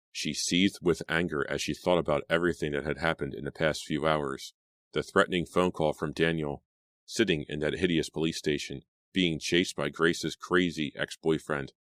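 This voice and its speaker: A man narrating an audiobook in a steady storytelling manner. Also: rumbling low, no room sound, studio quality.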